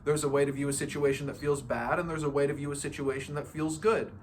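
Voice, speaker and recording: A man's voice: a little high, little pitch movement, quick pace, a little hiss or hum. A man giving a casual, playful motivational talk on feeling good, laughing often and acting out other people's voices. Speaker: spiritual self-help speaker.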